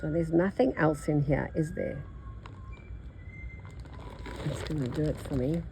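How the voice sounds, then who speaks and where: Low, gravelly older Australian woman. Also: unhurried, mellow, slight background noise, poor audio. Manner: rambling, chatty, thinks aloud. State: nasal. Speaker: embroidery teacher. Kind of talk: casual chat while stitching.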